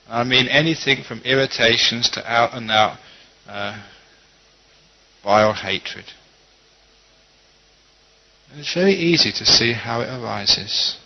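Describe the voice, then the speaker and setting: A middle-aged man gives a Buddhist dharma talk as a monk, teaching in a gentle, conversational way and slipping into quoted asides. His voice sits at an ordinary pitch. The recording is dull and lo-fi.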